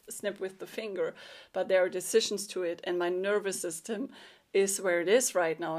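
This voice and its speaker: Woman, life coach, earnest and emotional, heartfelt solo talk, mid-range voice. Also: mid-range voice. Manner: earnest and emotional, with soft laughs.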